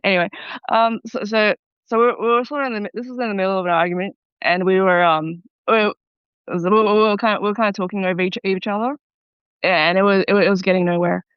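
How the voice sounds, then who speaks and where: A young woman on a call-in show, talking haltingly with lots of restarts and stumbles. Her voice comes through a dull, muffled line. The sound is dry, with no room around it. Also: medium pitch, fairly even intonation, smooth, no room sound. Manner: halting, many restarts, nervous laughs. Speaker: caller. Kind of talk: call-in advice conversation. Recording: muffled phone-line caller audio.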